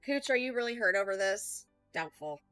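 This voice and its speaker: A woman's voice: medium pitch, expressive, normal speed, a bit bright, clean tone, dry recording, soft background music, low-quality recording. A woman hosting a heated reaction stream, talking back in a combative, sarcastic and profane way.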